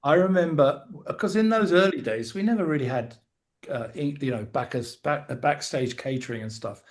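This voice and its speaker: A man's voice: fairly high pitch, moderate pace. A man from southern England with a southern English accent, co-hosting a podcast and telling rambling, self-deprecating stories in casual chat. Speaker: podcast co-host.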